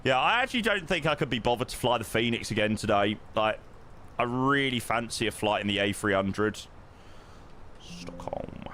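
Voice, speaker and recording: Excitable streamer with a lively voice. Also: male voice, medium pitch, brisk, slight background noise. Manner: excitable, chatty, reacts loudly and greets viewers. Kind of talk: live-stream chat while playing a flight simulator.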